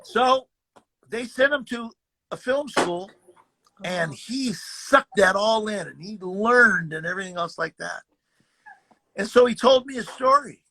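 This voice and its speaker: An older man, a guest actor, telling stories in a casual, animated way, acting out dialogue and often repeating words. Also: high-pitched, unhurried, a little hiss or hum. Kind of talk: casual storytelling.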